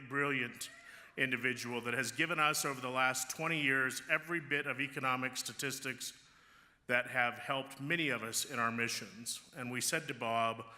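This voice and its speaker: A man accepting an award at a gala, speaking with humor as a chamber of commerce leader. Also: medium pitch. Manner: joking, lively public speaker. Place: large gala ballroom. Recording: reverberant hall sound.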